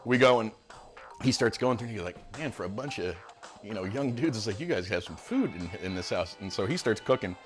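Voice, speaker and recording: Man, guest, low voice, fast talker, animated story. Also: soft background music. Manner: animated anecdote, acting out quotes. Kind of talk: casual storytelling.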